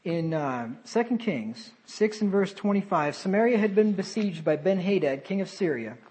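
A man preaching a sermon, animated, with sarcastic asides and sudden drops to a quieter voice. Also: sits high, normal speed, low-quality recording.

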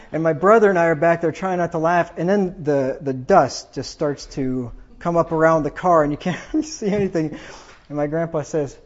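Speaking at a normal pace in a slightly high voice, this storyteller chuckles while casually sharing rambling tales about his family. It's relaxed personal storytelling, and the recording sounds dull and lo-fi.

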